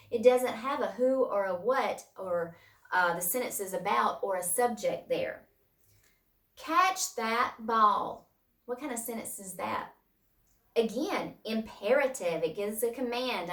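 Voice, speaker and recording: A patient woman teacher talks through a recorded lesson for her students and goes over each point more than once. Her voice is picked up from a distance. It echoes in a roomy space. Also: mid-range voice. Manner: patient, repeats key points.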